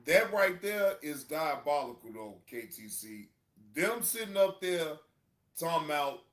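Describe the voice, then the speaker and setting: A man streaming a reaction video, cursing and mocking in a comedic rant that breaks into loud shouts. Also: high voice, animated, slow pace, echoey room.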